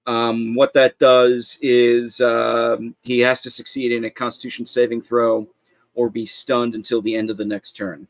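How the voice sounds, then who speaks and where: A man's voice: mid-range voice, little pitch movement, a little slow, no echo. A man playing in a tabletop game, declaring his moves hesitantly and checking the rules aloud. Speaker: player. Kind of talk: casual tabletop game play.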